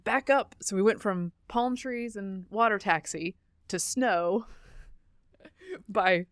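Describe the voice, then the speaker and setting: A woman's voice: mid-range voice, slow pace, no echo, clean studio sound. A middle-aged woman co-hosting a podcast, telling stories in a chatty way, laughing easily and correcting herself. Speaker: podcast co-host. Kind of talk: casual chat.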